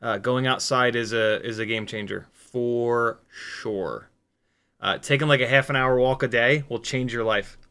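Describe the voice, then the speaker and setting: A tired man in his forties or older hosts a casual livestream, talking at an ordinary mid pitch. He rambles candidly with plenty of fillers, reads viewer comments aloud and drops self-mocking asides. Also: steady tone, unhurried, bright, forceful tone, clean tone. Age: 40s or older. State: tired, sleep deprived. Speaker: FPV drone livestream host.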